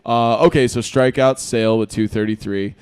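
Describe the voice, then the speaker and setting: A man hosting a podcast, chatting casually and excitedly about baseball and teasing his guest. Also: mid-range voice, normal speed, clear, resonant tone. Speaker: podcast host. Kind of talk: casual sports chat.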